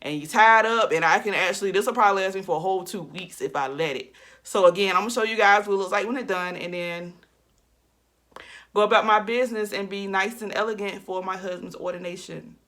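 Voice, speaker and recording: A chatty woman vlogging about her hair routine, her voice bright and forward. She talks to viewers like friends, calling them y'all and child, in an easy, mid-pitched tone. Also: fast talker. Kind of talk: casual chat to camera.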